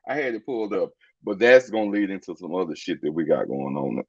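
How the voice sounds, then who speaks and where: A man's voice: low-pitched, quick pace, breathy edge, no echo, dull audio. A man hosting a podcast over a video call, chatting in a campy, playful way. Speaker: podcast host. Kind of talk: casual chat.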